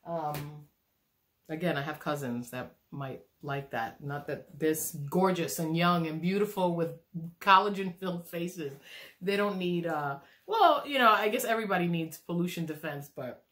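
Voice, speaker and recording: A woman's voice: on the low side, normal speed, a bit bright. A middle-aged woman chatting casually through a beauty unboxing on her phone, rambling and self-deprecating with lots of fillers and restarts. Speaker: beauty vlogger. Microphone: phone camera.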